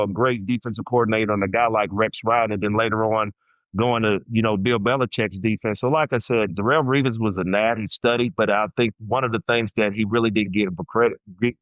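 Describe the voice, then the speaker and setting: A man in casual podcast chat, telling stories with restarts and a lot of "you know." His mid-pitched voice comes through close and dry, a bit muffled. He gets animated as he tells them. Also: fairly quick, dry recording. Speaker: podcast guest.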